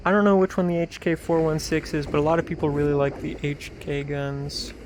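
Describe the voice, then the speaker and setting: A man's voice: fairly high pitch, level tone, brisk, background noise. A young man, streaming a VR game and rambling to himself and his chat, often muttering under his breath. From Canada. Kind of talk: casual gameplay commentary.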